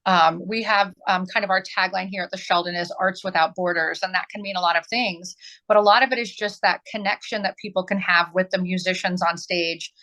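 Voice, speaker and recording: A woman's voice: on the low side, steady tone, brisk, sharp tone, poor audio. A woman in her forties from southern Illinois, answering interview questions earnestly as an arts nonprofit director, with many ums.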